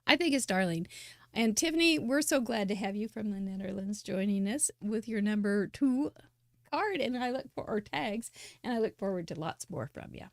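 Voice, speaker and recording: A woman hosting a live crafting show, chatting warmly and enthusiastically as she praises viewers' handmade cards. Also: mid-range voice, normal speed, gravelly, dry recording, studio quality. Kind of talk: live-stream card showcase commentary.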